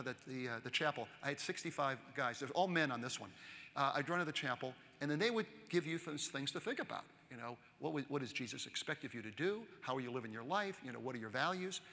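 A man in his sixties tells a long story at a keynote, chatty and quick to ask the crowd questions. His voice sits a little high and has a bright, forceful edge. The sound carries the long reverb of a large conference hall. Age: 60s. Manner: lively, chatty, asks the audience questions. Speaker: keynote speaker.

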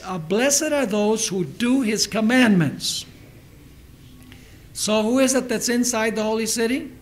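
High-voiced man preaching a sermon. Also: poor audio. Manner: emphatic preacher who repeats references and asks the audience questions. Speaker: pastor.

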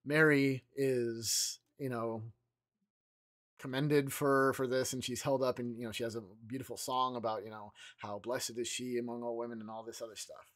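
Man leading informal morning prayer. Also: medium pitch. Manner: loose and conversational, with frequent pauses and restarts. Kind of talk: informal devotional teaching.

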